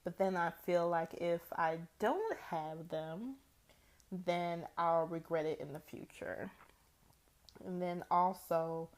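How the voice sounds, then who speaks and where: A young woman hosts her own podcast, speaking at an unhurried, leisurely pace. She talks in a chatty storytelling way, sprinkling in "like" and breaking into laughter as she goes. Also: fairly low pitch. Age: young adult. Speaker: podcast host. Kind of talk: casual solo podcast monologue.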